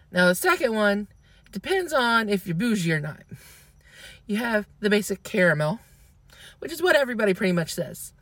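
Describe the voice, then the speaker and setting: A woman's voice: mid-range voice, very animated, normal speed, long pauses, a bit bright, dry recording. A woman from the American South chatting casually, chatty, opinionated and playful. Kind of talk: casual chat.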